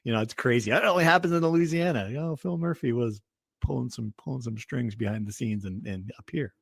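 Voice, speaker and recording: A man co-hosting a casual sports podcast, joking and quick to chime in. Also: medium pitch, gravelly, husky, no echo, studio quality. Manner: animated, joking, quick interjections. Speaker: podcast co-host.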